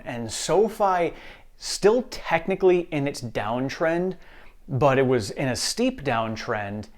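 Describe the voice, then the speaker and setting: A man hosting an investing channel, talking viewers through their stock worries in an upbeat, reassuring way. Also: mid-range voice. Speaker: stock market channel host. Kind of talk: casual investing commentary.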